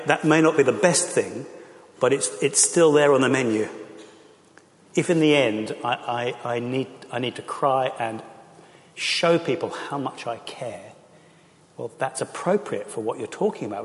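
A man's voice: mid-range voice, normal speed. A middle-aged man, a pastor, speaking earnestly and with passion to a church audience, with frequent fillers. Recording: echoey hall.

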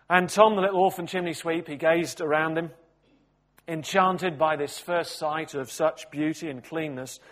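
Expressive man preaching a sermon. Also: on the high side. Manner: expressive storytelling with wide swings in loudness.

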